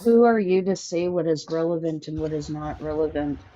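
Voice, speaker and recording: A woman's voice: low-pitched, moderate pace, dark tone. A woman on a podcast panel asking skeptical, pointed questions. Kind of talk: debate chat. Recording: dull, dry lo-fi call audio.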